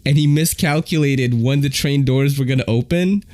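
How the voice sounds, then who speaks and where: A man's voice: medium pitch, moderate pace. Slangy New guy telling stories. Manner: animated, slangy, profane storyteller. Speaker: podcast host. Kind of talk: casual storytelling.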